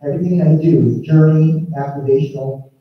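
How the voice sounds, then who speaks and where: A woman's voice: low-pitched, fairly even intonation, a little fast. A woman giving a spiritual talk while presenting slides. She is enthusiastic and rambling, with many restarts. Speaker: speaker presenting slides to an audience. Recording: echoey, distant and dull.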